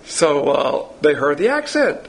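A man's voice: a little high, big pitch swings, measured pace, creaky, low-quality recording. A man teaching verse by verse through a Bible passage to a class, in a folksy, digressive and conversational way. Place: Bible class with listeners present.

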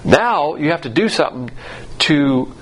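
A man's voice: a little high, big pitch swings, unhurried. A man teaching the Bible in a sermon, emphatic and sarcastic as he mocks the views he quotes.

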